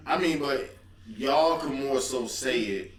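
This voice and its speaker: A man's voice: medium pitch, animated, slow pace. Playful guy cohost, casual talk, roomy echo, bit of hiss. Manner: playful, jokey, teasing. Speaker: podcast co-host. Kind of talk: casual chat. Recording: echoey room, mic at a distance, faint noise.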